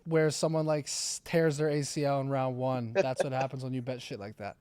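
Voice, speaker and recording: A man hosts a call-in show, laid-back and joking, talking in casual slang. His voice sits at an ordinary middle pitch. He sounds relaxed and easygoing. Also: a little fast, smooth, dry recording. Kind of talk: casual chat.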